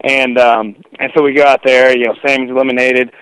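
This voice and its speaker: A man's voice: medium pitch, level tone, fairly quick, a bit bright, smooth, dry recording, poor audio. A young man, a wrestler guest, telling stories in a casual interview, rambling with lots of fillers and "dude".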